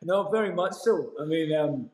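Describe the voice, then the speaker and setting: A man's voice: on the high side, normal speed. Scottish man telling a story in a roomy space. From Scotland. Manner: animated storyteller, many restarts. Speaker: actor guest. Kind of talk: casual interview chat. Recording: roomy echo.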